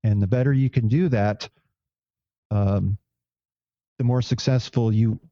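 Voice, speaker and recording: A man's voice: on the low side, fairly even intonation, unhurried, mellow, dry recording. Man musing on a dull lo-fi podcast. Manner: reflective, thinks aloud with many restarts. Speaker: podcast co-host. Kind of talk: casual podcast chat.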